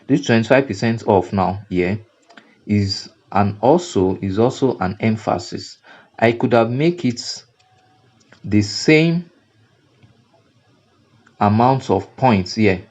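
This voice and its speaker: Speaking with a Nigerian English accent, a man teaching graphic design takes his time through a screen-recorded software walkthrough. He loops back over phrases to stress points, using fillers and restarting sentences. The audio is muffled and lo-fi, carrying his low, mellow tone.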